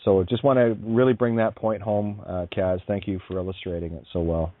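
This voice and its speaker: A man's voice: fairly low pitch, little pitch movement, a little fast, no room sound, narrow, tinny audio. A man hosting a talk radio show, stressing his points emphatically.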